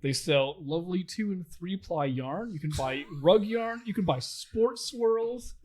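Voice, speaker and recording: A man's voice: sits high, animated, unhurried, very noisy. A man on a movie podcast panel, joking dryly in a casual way. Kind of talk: casual movie review chat.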